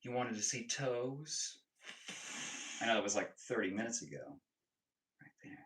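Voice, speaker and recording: A man's voice: mid-range voice, a little slow, fairly bright tone, rough recording. A young man live-streaming, casually joking and teasing as he reads and answers his chat.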